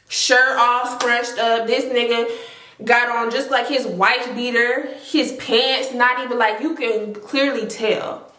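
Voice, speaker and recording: Brief: woman vlogger, animated and slangy, higher voice, echoey room. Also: moderate pace. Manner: animated, slangy, full of "like" fillers and exaggeration. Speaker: storytime vlogger. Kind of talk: casual storytelling.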